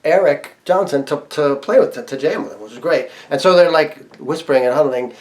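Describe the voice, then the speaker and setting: Speaking briskly in a fairly high voice with a darkish tone, a man shares a personal story in a casual way. His telling is chatty, full of laughter, fillers and frequent restarts.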